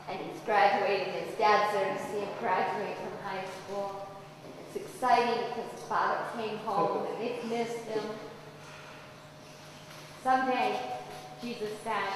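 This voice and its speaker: A woman's voice: mid-range voice, background noise. A woman delivering a sermon in a church, telling stories animatedly and acting out the quoted lines. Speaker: preacher's voice at a deaf church. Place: church sanctuary. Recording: echoey hall, voice far from mic.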